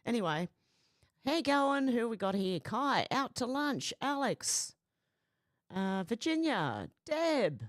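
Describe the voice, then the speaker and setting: A woman hosting a casual livestream, chatting and greeting viewers by name, her voice a little croaky from being unwell. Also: on the high side, sing-song, slow, dry recording, clean studio sound. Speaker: livestream host. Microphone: headphones with mic.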